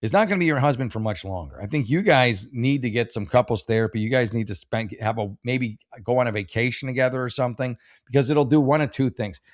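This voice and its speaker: A man riffs through reader posts in a loose, rambling, sarcastic way, cursing freely and tripping over his own restarts. His voice sits at an ordinary middle pitch. The sound is dry and close, with no room echo at all. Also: quick pace, few pauses. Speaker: host reading and reacting to advice posts. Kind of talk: casual comedic commentary.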